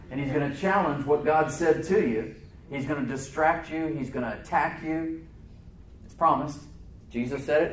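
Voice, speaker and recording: A male pastor delivering a sermon in a church, moving between loud emphatic bursts and low, quiet asides. He talks conversationally and often restarts his words. A faint hiss sits under his voice. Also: roomy sound.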